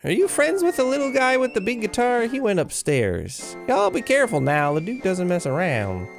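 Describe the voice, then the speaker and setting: A man's voice: extremely high pitch, huge pitch swings, moderate pace, creaky, over music, pitched above the performer's own voice, exaggerated voice. A man voicing a chatty, nervous little rodent townsperson in a video game, folksy in manner.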